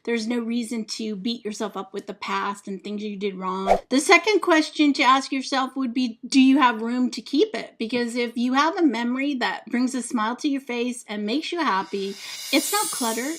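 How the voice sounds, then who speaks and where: A woman with a fairly high voice hosts a casual tips vlog. Her delivery is friendly and plain-spoken, the tone of someone sharing practical advice with viewers, with the odd "um" along the way. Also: moderate pace, fairly bright tone. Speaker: home organizing vlogger.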